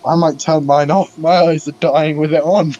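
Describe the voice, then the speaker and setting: A man's voice: on the high side, expressive, slow, a little mellow, lo-fi sound. A man, co-commentating a sim race in a casual, informative way. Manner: informative, mock-formal when reading promos.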